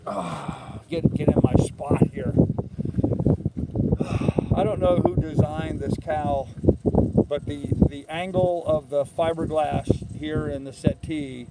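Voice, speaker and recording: In a very noisy recording, an older man with a slightly high, steady voice speaks slowly while hosting a live sailing stream from his sailboat moored in a harbor, outdoors at evening. He reads out viewer comments and answers them easygoingly, rambling with many fillers.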